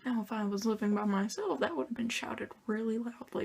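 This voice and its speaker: A woman's voice: a little high, brisk, gravelly, hardly any pauses, slightly rough. A young woman whispering casually to camera from her apartment, giving tips in a playful, joking, self-mocking way. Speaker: vlogger giving theme park tips. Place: apartment at home, with neighbours below.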